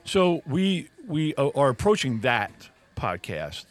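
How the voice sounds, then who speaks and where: A man's voice: mid-range voice, very animated, takes it slowly, faint music behind. Reflective man co-hosting a coffee chat. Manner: reflective, thinks aloud with restarts. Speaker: podcast co-host. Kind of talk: casual chat.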